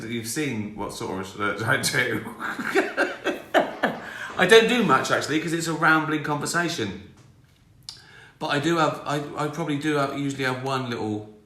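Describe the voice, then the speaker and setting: A man's voice: medium pitch, sharp tone. A man in his sixties chatting casually on a live stream, rambling and mocking himself as he answers viewer questions. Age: 60s. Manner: rambling, self-mocking, chuckling. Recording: roomy echo.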